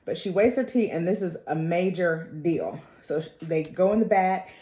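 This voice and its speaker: A woman's voice: on the low side, normal speed, dark tone, reverberant. A woman giving a casual recap of a TV episode, chatty and full of slang, laughing often. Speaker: TV recap vlogger.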